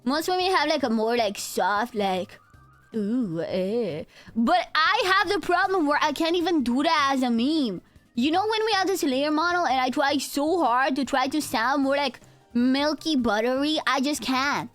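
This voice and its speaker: A woman's voice: high-pitched, unhurried, soft background music. A woman in her twenties with a nasal voice, a VTuber chatting casually and directly with her live-stream chat. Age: 20s. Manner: chatty, talks straight to her chat, drifts between tired and energetic.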